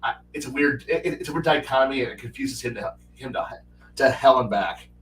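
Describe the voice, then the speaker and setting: A man's voice: medium pitch, a little fast, a bit bright, a little hiss or hum. A man hosting a livestream who chats casually about strategy games, rambling with many restarts and acting out quotes. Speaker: livestream host. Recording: roomy, with a distant mic.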